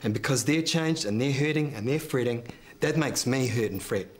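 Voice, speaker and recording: A man's voice: mid-range voice, normal speed, slight background noise. A man, speaking bluntly and heatedly at a family meeting. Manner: blunt and worked up. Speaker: family member of victim. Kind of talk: emotional conference talk.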